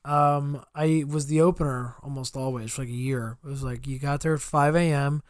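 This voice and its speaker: A man's voice: mid-range voice, steady tone, moderate pace, clean tone, dry recording, studio quality. A man co-hosting a podcast, telling a long rambling story in casual chat and acting out customers in quotes. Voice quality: swears freely. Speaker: podcast co-host.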